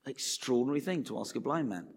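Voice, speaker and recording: A man's voice: mid-range voice, lively intonation, quick pace, slightly rough. A man preaching a sermon in a conversational way, acting out the voices he quotes. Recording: reverberant hall.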